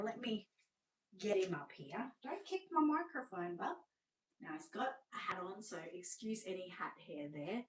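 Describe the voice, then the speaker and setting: An Australian woman chats and gushes through a live-stream sales showcase, sinking to a hushed voice over the sweetest items. Her voice sits at an ordinary middle pitch for a woman. The sound is roomy and set back from the microphone. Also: distant mic. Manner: chatty, gushing, drops to a hushed voice over sweet babies. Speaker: doll seller hosting a live showcase. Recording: roomy sound, away from the mic.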